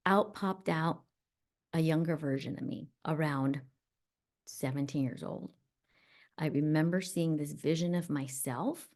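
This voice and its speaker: A middle-aged woman hosting a podcast, telling a personal story in an animated, reflective way. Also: lowish voice. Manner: animated, reflective, acts out voices. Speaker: podcast host.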